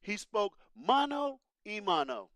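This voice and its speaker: Lively, animated man hosting commentary. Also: high voice, takes it slowly, no room sound, clean studio sound. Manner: animated, preachy, talks straight to the audience. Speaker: political commentary host. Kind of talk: casual political commentary.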